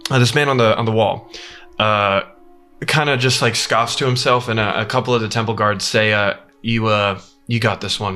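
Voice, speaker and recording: A man's voice: fairly low pitch, sharp tone. A man narrating a tabletop game as game master, in loose rambling speech full of fillers.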